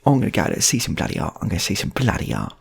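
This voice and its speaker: A man's voice: low voice, wildly swooping pitch, racing, vocal fry, husky, exaggerated voice. A man voicing a blunt, brash builder who calls everyone mate. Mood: blokey. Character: blunt working-class male builder, soft-hearted bloke.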